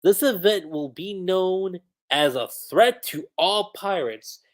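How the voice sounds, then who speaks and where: A woman voicing an old, gruff male navy vice admiral who gives orders in a matter-of-fact way. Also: fairly low pitch, expressive, slow pace. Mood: commanding.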